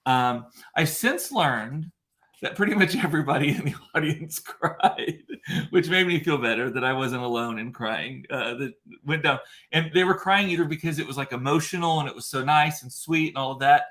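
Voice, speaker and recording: A man's voice: a little high, normal speed, a bit bright. Male livestream host, casual and rambling, chatty and emotional, speaking into a computer mic. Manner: rambling, emotional storyteller with frequent fillers and restarts. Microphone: computer mic in front of a ring light.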